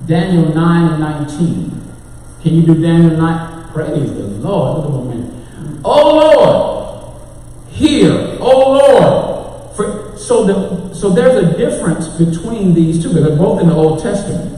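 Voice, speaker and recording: Brief: male pastor with a Texan accent, high voice, preaching in a big church, roomy sound from a distant mic. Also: measured pace, mellow. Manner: preaching, talks to the congregation and tech crew. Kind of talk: sermon. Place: church sanctuary. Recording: echoey church hall, mic far off.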